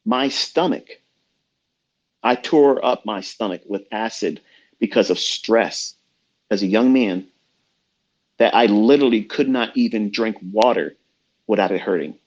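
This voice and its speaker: Heated, foul-mouthed middle-aged male trading mentor, lowish voice, muffled lo-fi stream. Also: a little slow, pauses often, darkish tone. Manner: blunt, profane, heated. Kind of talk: ranting motivational talk. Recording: dull lo-fi online audio room.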